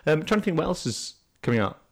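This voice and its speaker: A man's voice: fairly high pitch, big pitch swings, fast talker, gravelly. A man co-hosting a podcast in casual chat, chatty and self-mocking, laughing often. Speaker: podcast co-host.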